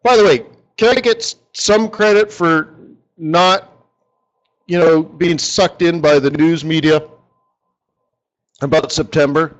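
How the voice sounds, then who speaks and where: A man's voice: fairly high pitch, slow, pauses often. Chatty male trading strategist, muffled audio. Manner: chatty and joking, talks to viewers by name. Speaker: forex market strategist. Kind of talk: live trading strategy session.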